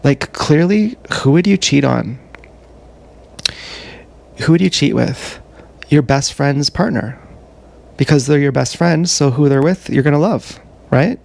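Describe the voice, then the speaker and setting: A man on a livestream telling a rambling, profane confessional story, halting often with fillers, recorded on an action camera. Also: on the high side, expressive, creaky, darkish tone.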